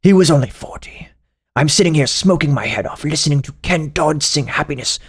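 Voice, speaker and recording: A man voicing a pompous old British pipe-smoking gentleman in a raspy, theatrical reading. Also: on the high side, animated. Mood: wistful. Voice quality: raspy, gravelly put-on voice. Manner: grandiose, theatrical, drawn-out reading. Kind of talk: mock reading of comments aloud.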